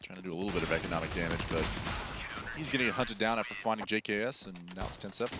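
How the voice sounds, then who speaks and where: A man's voice: lowish voice, racing. A man casting a live esports match, thoughtful and full of fillers, speaking into a headset. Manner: analytical, hesitant with many fillers. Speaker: esports commentator. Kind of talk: live game commentary. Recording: game gunfire noise behind.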